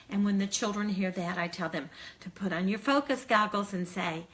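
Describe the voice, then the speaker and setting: An older woman, an early childhood educator, giving friendly, encouraging classroom tips between slow, singsong chant demonstrations. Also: mid-range voice, fairly bright tone. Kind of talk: teacher training demonstration.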